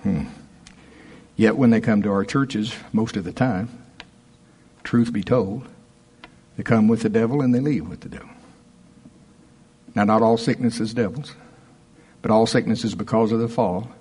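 A man preaching a sermon as pastor, conversational and emphatic, rising to forceful punches. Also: on the low side, moderate pace, pauses often, slightly rough.

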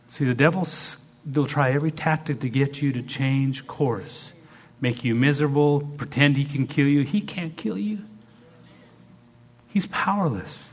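A middle-aged male pastor delivering a lively sermon. He shifts from soft, almost hushed asides to loud, high bursts when he acts out what people say. His voice sits at an ordinary pitch for a man. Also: measured pace. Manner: dynamic, swings between loud acted-out quotes and soft asides.

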